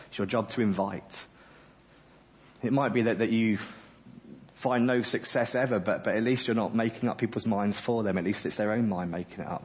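Man, pastor, sermon, earnest, joking asides, low pitch, muffled church recording. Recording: dull lo-fi sermon audio.

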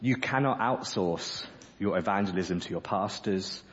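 A man's voice: on the low side, a little slow, slight background noise. A man preaching a sermon in church, earnest and passionate with humorous asides. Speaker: pastor. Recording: dull lo-fi sermon audio.

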